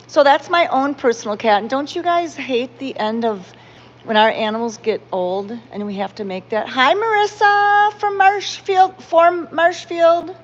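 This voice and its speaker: A woman's voice: medium pitch, darkish tone. Female sanctuary host on a live stream, rambling and heartfelt, greets viewers, lo-fi audio. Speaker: cat sanctuary owner hosting a livestream. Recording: dull lo-fi sound with faint background noise.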